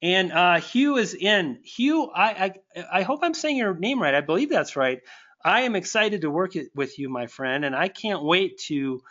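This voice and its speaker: A man coaching online marketing, hosting a live webinar and warmly answering viewers, thankful and stumbling over restarts. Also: high voice, animated, normal speed, highs cut off.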